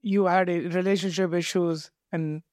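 High-voiced man interviewer, dry sound. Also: little pitch movement, normal speed, darkish tone, no echo. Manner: curious, asking follow-up questions. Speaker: podcast host. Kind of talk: interview questions.

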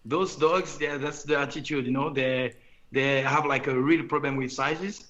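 A man interviewing in a casual conversation, relaxed and agreeable with loose phrasing. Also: medium pitch, moderate pace. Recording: dull lo-fi recording.

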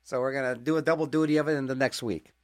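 A man's voice: mid-range voice, fairly even intonation, rapid-fire, dry recording, clean studio sound. A man hosting a request radio show, talking in a rambling, jokey way with self-mocking asides. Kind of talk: casual radio DJ patter.

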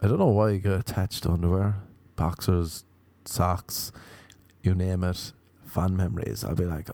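A man's voice: low-pitched, normal speed, vocal fry, dark tone, dry recording. An Irish man telling rambling, profane comic stories in a wry, offhand way. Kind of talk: casual comedic monologue.

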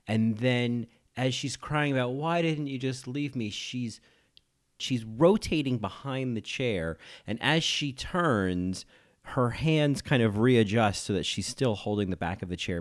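A man hosting a podcast, giving casual, animated film commentary full of gushing, campy asides. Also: lowish voice. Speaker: podcast host and film reviewer.

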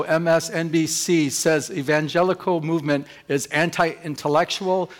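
Male pastor, slightly high voice, emphatic sermon delivery that keeps pulling the congregation in with questions. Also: steady tone, moderate pace. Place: church.

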